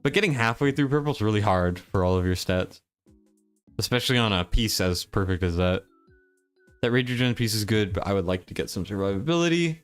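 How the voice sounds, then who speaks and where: Laid-back low-voiced male game streamer. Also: smooth. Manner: laid-back, mumbling, reads chat aloud; low-key monotone. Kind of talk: casual game stream commentary.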